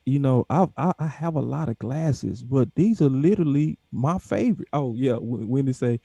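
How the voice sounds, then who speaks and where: A man on a fan live stream, talking in an easy, laid-back way and stretching his words out. His speech is slangy and relaxed. The sound is dry and close to the mic. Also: medium pitch, moderate pace, creaky, slightly rough, no room sound, muffled recording. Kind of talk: casual chat.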